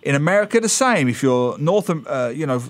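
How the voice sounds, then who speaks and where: A man's voice: on the high side, sing-song, fairly quick. A man with an Essex estuary English accent talks in a slightly raised voice on a studio radio mic. His delivery is chatty and opinionated, peppered with wry asides. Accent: Essex (Thames estuary) English. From England, East London. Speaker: guest columnist. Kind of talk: radio talk chat.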